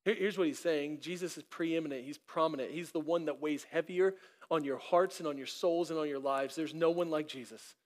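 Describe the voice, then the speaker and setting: A high-voiced male pastor delivers a sermon. He preaches in an animated way, often restarting a phrase and acting out short bits of dialogue. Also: fairly quick.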